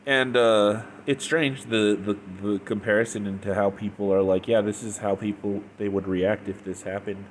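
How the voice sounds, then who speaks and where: A man's voice: lowish voice, fairly even intonation, moderate pace, few pauses, slight background noise. A man giving a casual spoken review, retelling a story in a rambling way full of "like" and restarts. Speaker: fanfiction reviewer.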